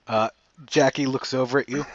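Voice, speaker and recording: A man narrating as game master of a tabletop game in a casual, halting way. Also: medium pitch, steady tone, no echo, lo-fi sound.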